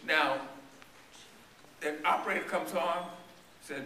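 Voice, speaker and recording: Male preacher, voice worn and straining, bright and forceful tone, tells a story in his sermon, church echo, mic far off. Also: fairly high pitch, expressive, moderate pace, a little hiss or hum. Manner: storytelling sermon with call-and-response questions to the congregation. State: voice strained and tiring. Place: church sanctuary. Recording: echoey church recorded from a distance.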